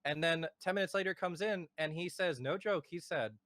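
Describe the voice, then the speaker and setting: A man's voice: on the high side, normal speed, fairly bright tone, dry recording. A man streamer telling anecdotes on a casual podcast, with firm warnings and hesitant fillers, over a remote voice call.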